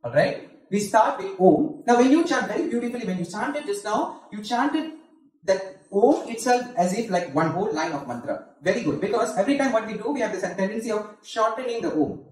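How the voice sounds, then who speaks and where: In a devotional centre hall, a spiritual teacher with a high, expressive, somewhat dark voice patiently walks a group through each part of a mantra, often checking "okay?" and chanting it in a slow, sung tone. The sound is echoey and distant.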